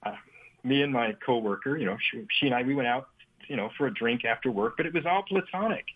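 A man's voice: medium pitch, expressive, slight background noise, lightly acted. A man voicing a defensive young man who brushes off blame over a phone line. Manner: dismissive, quick to interrupt.

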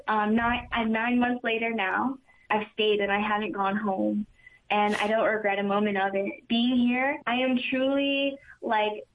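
Earnest young woman, tinny phone-like sound. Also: fairly high pitch. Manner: earnest, quick, often says "super" and "like". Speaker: community member giving testimony. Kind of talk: personal faith testimony.

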